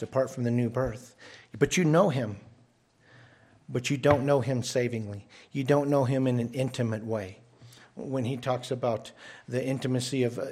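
Male pastor, mid-range voice, earnest sermon delivery with repeats and emphatic rises. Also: darkish tone. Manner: earnest, repeats words when restarting, rises in pitch for emphasis. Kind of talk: expository sermon.

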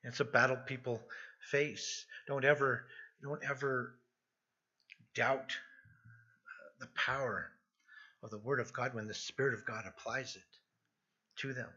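Middle-aged male pastor, bright husky tone, earnest sermon delivery, dull lo-fi recording. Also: mid-range voice, steady tone, a little slow, pauses often. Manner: earnest, repeats words when emphasizing. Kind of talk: expository sermon. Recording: dull lo-fi sound.

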